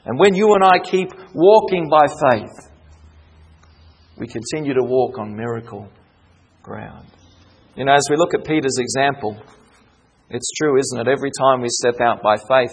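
A man preaching an evening sermon, who swings from emphatic calls to hushed, soft pleading. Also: medium pitch, expressive, normal speed, pauses often, husky, rough recording.

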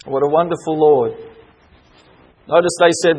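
A man delivers a sermon in a high, husky voice. He preaches earnestly, stressing key words and building through repetition. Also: normal speed, rough recording.

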